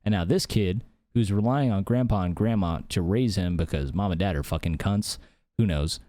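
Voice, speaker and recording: A man's voice: low-pitched, normal speed, dark tone, no room sound. A man hosting his own podcast from a home office, rambling heatedly and swearing a lot. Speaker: podcast host. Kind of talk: casual solo podcast rant.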